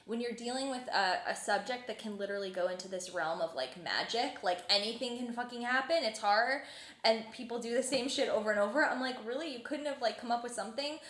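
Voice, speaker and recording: A woman's voice: on the high side, a little fast, a bit bright, roomy sound. A young woman co-hosting a podcast, chatting casually about films and filling her talk with "like". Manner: chatty, many fillers like "like". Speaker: podcast co-host.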